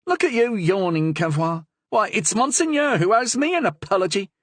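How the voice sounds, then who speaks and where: A man voicing a feisty, sharp-tongued young woman with a Languedoc accent, fearless before a cardinal. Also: expressive, normal speed, no room sound. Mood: bold. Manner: high, bold, talks back.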